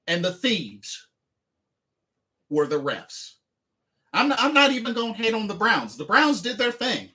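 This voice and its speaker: Guy on a livestream going over the game, keeps repeating himself, bright tense voice, kinda high. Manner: emphatic, repeats phrases over and over. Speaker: livestreamer and sports fan.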